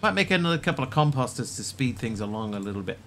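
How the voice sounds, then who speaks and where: A man's voice: medium pitch, sing-song, quick pace, a bit bright, slight background noise. A man casually chatting and joking while he streams a building game. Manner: rambling, jokey, mock-pretentious pronunciations. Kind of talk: casual gameplay commentary.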